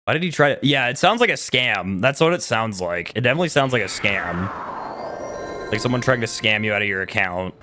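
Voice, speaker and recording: A young man streams a video game live with game music playing, his lowish voice lively, fairly quick, and sharp in tone. He keeps up a joking, casual conversation with viewers, chuckling frequently.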